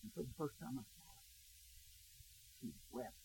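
A male pastor preaching a sermon, telling a personal story, hushed in tender moments and rising to emphatic preaching. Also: mid-range voice, animated, moderate pace, creaky, slight background noise. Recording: dry, thin phone-like sound.

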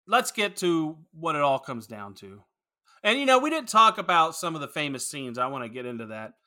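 A man co-hosts a casual film podcast, rambling through his opinions with plenty of swearing. His voice is bright and a touch high, swinging lively up and down as he argues his points. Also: a little fast. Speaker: podcast co-host. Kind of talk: casual film-review chat.

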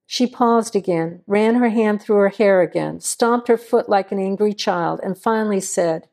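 Woman narrator for a crime story, measured read, dark mellow tone. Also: mid-range voice.

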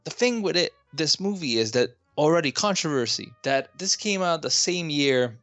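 A man's voice: fairly high pitch, animated, normal speed, fairly bright tone, no echo. A man in his thirties co-hosting a podcast, talking about old films in a rambling, opinionated way that keeps correcting itself. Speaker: podcast co-host. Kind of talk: casual film discussion.

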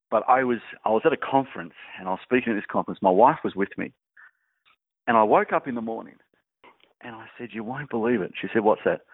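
A man, a grief researcher and guest, telling anecdotes in an animated, casual way. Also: on the low side, no echo. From Australia. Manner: animated storyteller, laughing through anecdotes. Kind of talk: casual storytelling chat. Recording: dry, tinny phone-like line.

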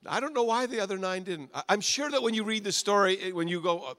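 High bright-voiced preaching man. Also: quick pace. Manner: animated preaching, swings from quiet to loud; repeats short phrases for emphasis. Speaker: pastor. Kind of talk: sermon.

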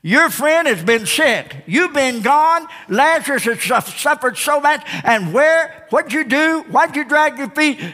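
A man's voice: very high-pitched, expressive, unhurried, hardly any pauses, sharp tone, voice pushed up, exaggerated voice. A man voicing an exasperated woman who scolds with impatient questions. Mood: scolding. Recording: long hall reverb.

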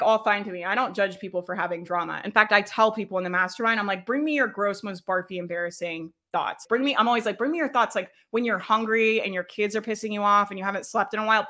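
Brief: upbeat coach, a woman with a bright, clear voice, talks loosely and laughs easily. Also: medium pitch. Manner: chatty, laughs often, checks in with "right?". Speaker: business coach leading a workshop. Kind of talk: casual live workshop teaching.

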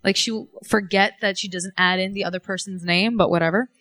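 A young woman chatting on a podcast, telling stories in a lively, laughing way. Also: medium pitch, a little fast, dry recording. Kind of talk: casual podcast chat.

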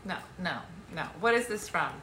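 Woman, game host, teasing, laughs a lot, lively pitch, echoey room. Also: normal speed. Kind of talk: playful trivia game chat.

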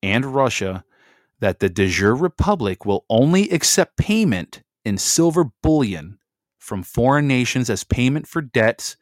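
A middle-aged man from Michigan, reading documents aloud slowly with emphasis and breaking into casual chatty asides as a host. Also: lowish voice, no room sound, clean studio sound. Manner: reads slowly with emphasis, then chats in asides.

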